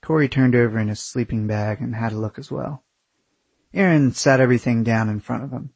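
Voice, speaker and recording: A man's voice: mid-range voice, fairly even intonation, brisk, vocal fry, darkish tone, slightly rough, no echo. A young man narrating his own travel story in the first person, crude and wry.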